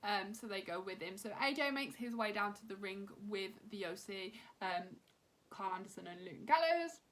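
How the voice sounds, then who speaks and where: A woman's voice: medium pitch, lively intonation, normal speed, fairly bright tone. A woman in her thirties, recapping a wrestling show in a chatty, emotional way, filling gaps with "um" and "like". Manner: chatty, emotional, heavy use of "um" and "like". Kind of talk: casual recap chat.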